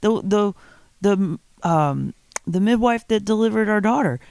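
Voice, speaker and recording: A woman's voice: mid-range voice, expressive, measured pace, creaky, darkish tone, smooth, no echo, studio quality. A heavily pregnant woman co-hosting a podcast from bed at home, candid and outspoken in casual chat. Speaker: podcast co-host. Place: bedroom at home.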